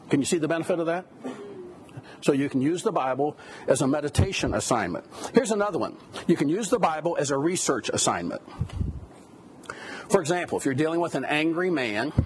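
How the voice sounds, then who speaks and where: A man's voice: medium pitch, lively intonation, fairly quick, slight background noise. A man giving a conversational lecture on biblical counseling, with rhetorical questions and asides. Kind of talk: classroom lecture.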